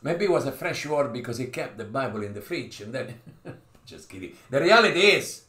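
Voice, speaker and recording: A man preaching an informal sermon, swinging between loud and hushed and often repeating and restarting his phrases. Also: medium pitch, expressive, fairly quick, reverberant.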